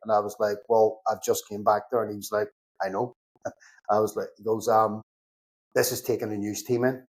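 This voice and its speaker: A man's voice: lowish voice, normal speed. Middle-aged Belfast man, podcast guest, casual storyteller who voices both sides of the dialogue and swears freely. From Northern Ireland. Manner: animated anecdotes, acts out both sides of conversations, swears casually. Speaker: podcast guest, security consultant.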